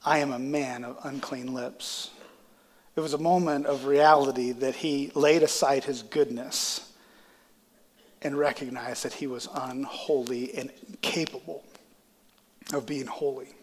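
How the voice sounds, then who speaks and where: A man's voice: medium pitch, steady tone, unhurried, pauses often, long reverb tail. A male pastor delivering a sermon with a congested, stuffy voice, building to impassioned climaxes. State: congested sinuses. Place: church sanctuary.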